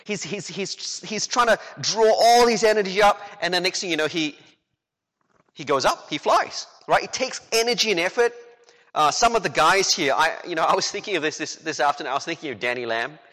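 A man preaching a sermon as a pastor, animated and full of rhetorical questions, acting out the quotes he tells. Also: high-pitched, a little fast. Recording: long hall reverb.

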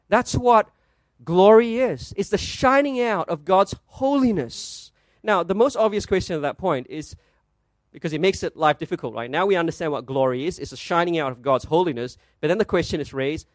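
Pastor, male, high-pitched, dry close mic; preaches with rhetorical questions, slows to stress. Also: no room sound. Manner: asks rhetorical questions, stresses words slowly. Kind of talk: sermon.

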